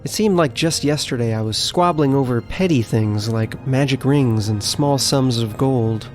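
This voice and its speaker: A man's voice: medium pitch, moderate pace, darkish tone. A man tells his game adventure as a wry first-person story, slipping in dry, self-mocking asides. His voice sits mid-range, with faint music playing underneath. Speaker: narrator.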